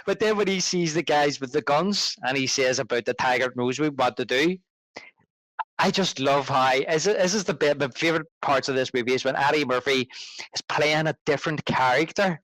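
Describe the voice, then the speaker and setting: A man's voice: a little high, normal speed, a bit bright, no room sound, rough recording. A man co-hosting a film podcast, chatting casually and enthusiastically, often restarting his sentences. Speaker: podcast co-host.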